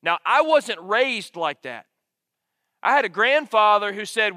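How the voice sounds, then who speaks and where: A man preaching with a high, ringing voice. He speaks earnestly and repeats his key lines for weight. The mic is close and dry, but a long hall reverb trails behind each phrase. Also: lively intonation, a little slow, pushed and bright. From Alabama, United States. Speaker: pastor. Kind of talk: sermon.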